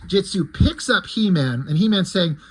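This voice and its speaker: A man's voice: sits high, animated, normal speed, slightly rough, low-quality recording. A man, a comic creator, casually recapping his story in a loose, rambling way.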